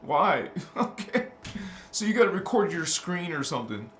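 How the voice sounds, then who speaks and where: A man's voice: high voice, very animated, normal speed, fairly bright tone, slight background noise. A man hosting a casual spiritual livestream, talking emphatically, calling listeners honey and baby, laughing often and reading out chat. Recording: roomy echo.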